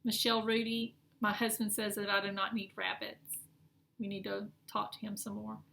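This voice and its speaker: In a cross-stitch vlog recorded in an echoey room with faint noise, a middle-aged woman shows off her projects in casual chat. Her fairly high voice is bright and forceful with vocal fry, and she rambles and corrects herself.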